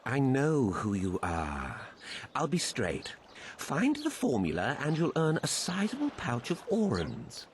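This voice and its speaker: A man's voice: mid-range voice, wildly swooping pitch, a little slow. An actor playing a secretive man in a game who asks a witcher for help in a blunt, bargaining way. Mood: scheming. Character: shifty male townsman asking a witcher for help. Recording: game audio with faint ambient noise.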